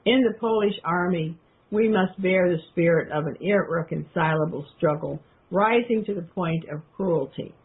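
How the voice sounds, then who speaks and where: A woman's voice: lowish voice, moderate pace, breathy edge. A woman reading passages from a book aloud, then stopping to comment loosely to her listeners with plenty of fillers. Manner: addresses listeners directly. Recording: tinny phone-like sound.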